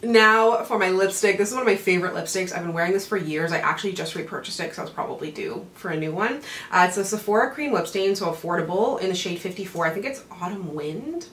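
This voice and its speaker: A woman's voice: medium pitch, expressive, quick pace, fairly bright tone. Chatty woman in an echoey room. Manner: chatty, rambling, self-mocking asides. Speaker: beauty vlogger. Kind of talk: casual makeup tutorial chat. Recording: roomy, mic set back, faint hiss.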